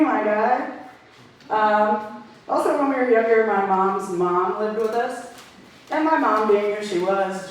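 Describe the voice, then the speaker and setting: A woman doing stand-up storytelling, delivering dark jokes deadpan and often laughing at her own lines. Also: medium pitch. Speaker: stand-up comedian. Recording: very echoey, distant mic, faint noise.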